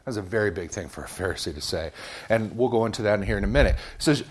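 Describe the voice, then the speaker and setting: A man's voice: on the low side, lively intonation, quick pace, breathy edge. A man preaching a casual Bible lesson, reading verses and adding humorous, conversational asides. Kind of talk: joking Bible teaching.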